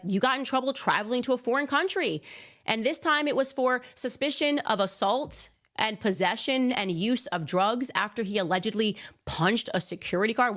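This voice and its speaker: A woman's voice: mid-range voice, a bit bright. Sarcastic woman hosting a monologue. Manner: sarcastic, mock-incredulous. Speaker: commentator host.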